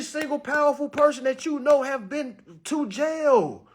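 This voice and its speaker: A young man telling a story to his audience, acting out the quotes with sudden high bursts and laughs. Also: a little slow, hardly any pauses. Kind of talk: animated storytelling talk.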